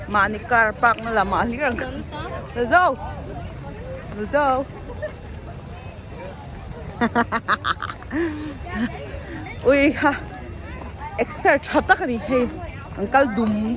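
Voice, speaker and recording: Excitable high-voiced woman with a Mizo accent. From Mizoram, India. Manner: excited exclamations, mixing English with another language. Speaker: vlogger. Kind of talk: casual vlog commentary. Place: outdoors at a fireworks show. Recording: loud crowd and music outdoors.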